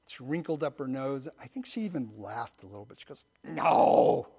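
A middle-aged man, a pastor, telling a personal story in a sermon and then leading a slow, earnest prayer, often dropping to a hushed voice. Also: medium pitch, animated, breathy edge. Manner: soft-spoken, intimate storytelling that drops to near-whispers.

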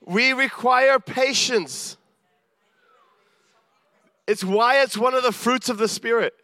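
A man's voice: very high voice, takes it slowly, sharp tone, no echo, clean studio sound. A man preaching a sermon in an earnest, self-deprecating way, acting out the voices of the people he quotes.

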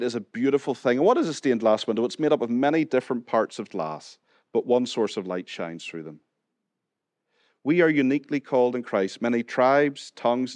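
A man with a Northern Irish accent preaches a sermon at a middle pitch. He talks to the congregation in a relaxed, conversational way and keeps putting questions to them. The recording is dry, with no room echo. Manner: conversational, asks the congregation questions, jokes and laughs now and then. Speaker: pastor. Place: church hall.

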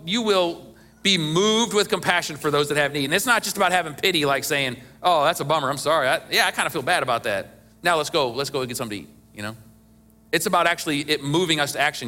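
Bright-voiced male preacher, chatty and emphatic. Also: fairly high pitch. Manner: conversational preaching with emphatic bursts and chuckles. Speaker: pastor. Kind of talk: sermon.

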